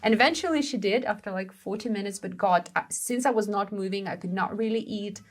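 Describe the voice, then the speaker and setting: A young woman co-hosting a show, telling a story in a lively, exclaiming way. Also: mid-range voice, brisk. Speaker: co-host of a language-learning show. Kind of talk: casual conversational storytelling.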